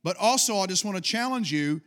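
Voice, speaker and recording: Casting: middle-aged male pastor, high-pitched, fervent sermon delivery with call-and-response. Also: expressive, fairly quick, fairly bright tone.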